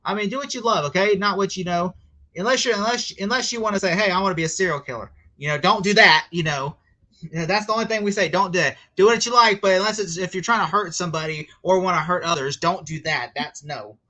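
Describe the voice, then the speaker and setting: A man's voice: high-pitched, fast talker, bright, forceful tone, rough recording. A man with an American accent hosting a casual livestream chat, rambling and chatty with laughing asides. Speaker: host.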